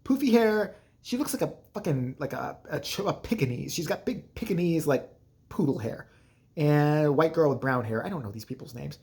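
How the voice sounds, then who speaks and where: A man's voice: fairly high pitch, lively intonation, normal speed, a little mellow. A man hosting a casual movie review vlog, crude, rambling and jokey, acting out scenes in voices. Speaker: channel host, movie reviewer.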